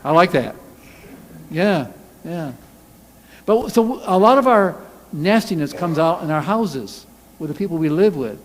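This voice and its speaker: High-voiced man preaching in a reverberant church. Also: unhurried, long pauses, slight background noise. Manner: animated, acts out angry quotes loudly. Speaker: pastor. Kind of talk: sermon. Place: church sanctuary.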